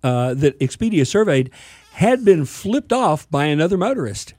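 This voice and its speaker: A man co-hosts a weekend radio talk show in easy banter. His voice sits a little high. The studio sound is dry and close. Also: sing-song, normal speed, darkish tone, no room sound. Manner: reads phone numbers and web address, easygoing. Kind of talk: casual radio chat.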